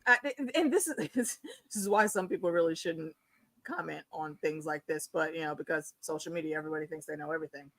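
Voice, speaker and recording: A woman with a bright, forceful voice talks bluntly in a casual fan discussion, swearing now and then and laughing easily. The sound is dry and close, with no room echo. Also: sits low, fast talker. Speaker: show discussion co-host.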